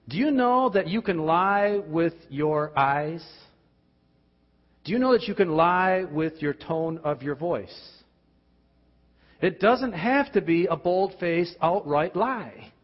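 Husky-voiced man preaching in a hall. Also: lively intonation, takes it slowly, long pauses. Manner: emphatic, rhetorical questions, drops to quiet near-whispers. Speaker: pastor. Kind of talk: sermon. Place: church. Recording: dull, boomy hall sound.

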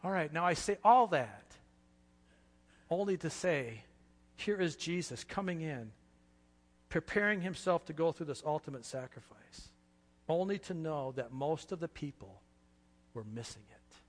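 A man preaching a sermon with passion, dropping to a hush and then rising loud, in a church. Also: on the high side, expressive, measured pace, pauses often, in a large hall. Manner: impassioned, swings from hushed to loud. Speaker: pastor.

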